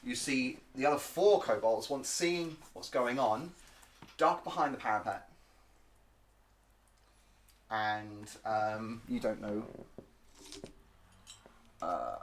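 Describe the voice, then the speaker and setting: A man narrating as game master of a tabletop game, halting and full of filler words. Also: fairly low pitch, a little hiss or hum. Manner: halting, full of ums and uhs.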